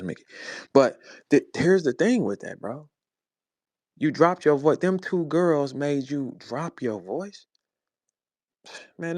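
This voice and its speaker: This man, a forties-aged rapper from St. Louis, USA, has a mid-range voice captured in a dry, studio-quality recording. He uses a phone in an online audio chat, ranting heatedly in a confrontational, profane way.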